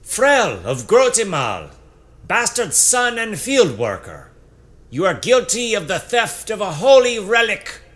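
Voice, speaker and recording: A man doing a stern zealot commander, high and proclaiming. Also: wildly swooping pitch, unhurried, bright, forceful tone, heavily acted. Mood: condemning. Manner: proclaiming, formal.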